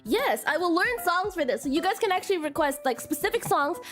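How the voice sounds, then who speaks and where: A woman's voice: very high-pitched, very animated, a little fast, a bit bright, soft background music. A young woman hosting a live stream, bubbly and nervous, tripping over her words and tacking a cute "question mark" onto her sentences, her voice strained from a recent illness. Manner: bubbly, nervous, keeps adding a cutesy "question mark" tag; stumbles and repeats words. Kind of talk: casual live-stream chat.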